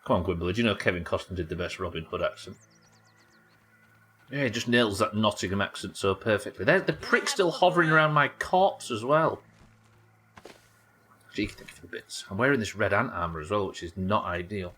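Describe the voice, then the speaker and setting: A man from the UK streaming a survival game live, yelling at the game, swearing, and reading out chat messages. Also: lowish voice, a little fast, husky. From United Kingdom. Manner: excitable, swears a lot, yells at the game.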